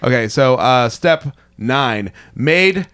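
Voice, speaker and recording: A man's voice: mid-range voice, animated, takes it slowly, a bit bright, smooth. Rambling tipsy man on a podcast. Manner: rambling, laughing, many fillers and restarts. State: drunk. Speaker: podcast co-host. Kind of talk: casual chat.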